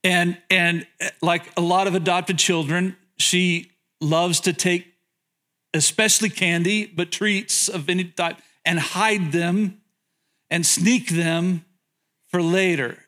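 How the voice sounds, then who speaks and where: A man's voice: high-pitched, fairly even intonation, slow pace, sharp tone. A man pastor preaching a sermon, telling humorous stories, questioning the audience, and often repeating words as he goes. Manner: frequent word repetitions.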